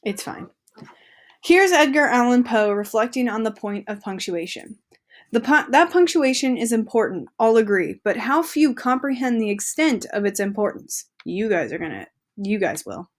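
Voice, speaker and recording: A woman's voice: a little high, very animated, normal speed. A woman teacher reading an article aloud to her students in a chatty, upbeat way with casual asides.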